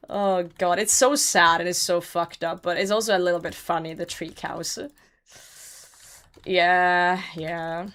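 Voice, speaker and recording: A woman's voice: fairly low pitch, flat delivery, a little slow, fairly bright tone. A young woman streamer chatting casually while she plays, swearing and laughing often. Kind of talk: casual chat while gaming.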